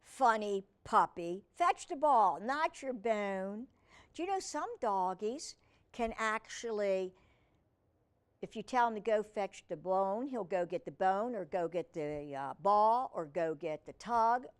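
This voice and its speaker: A woman reading picture books to children, gentle and teacherly, often asking the listener questions. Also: medium pitch, lively intonation, unhurried, clear, resonant tone. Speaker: children's storyteller.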